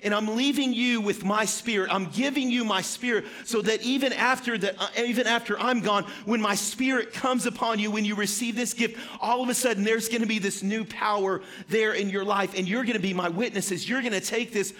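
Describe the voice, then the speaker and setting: A preacher voicing a calm, patient male teacher who speaks to his followers in a gentle, reassuring way. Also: high voice, fairly quick, hardly any pauses.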